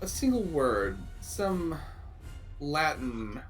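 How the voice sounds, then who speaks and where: A man running a tabletop game as game master. He narrates in a loose, halting way, circling back to restart his sentences. Faint music plays underneath. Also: a little high, sing-song.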